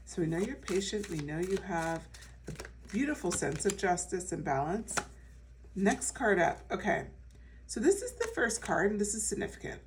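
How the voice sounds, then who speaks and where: Woman, tarot reader, casual chatty reading, lowish voice, a little off-mic. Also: distant mic, slight background noise. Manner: chatty and reassuring, full of fillers and restarts.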